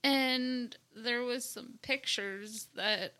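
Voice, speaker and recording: A woman's voice: fairly high pitch, extremely slow, bright, forceful tone. A woman co-hosting a casual comedy chat, reading out odd news stories and laughing often.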